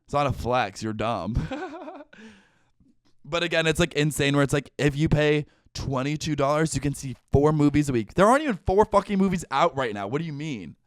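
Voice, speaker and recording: A young man hosting a podcast, ranting in a casual, profane and animated way. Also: a little high, moderate pace, no echo, studio quality. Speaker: podcast host. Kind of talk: casual comedic chat.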